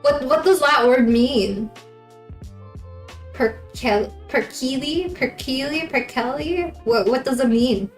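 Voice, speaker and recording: A woman's voice: a little high, takes it slowly, long pauses. A woman live streamer chatting casually with her viewers, giggling often between remarks. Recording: roomy echo, faint background music.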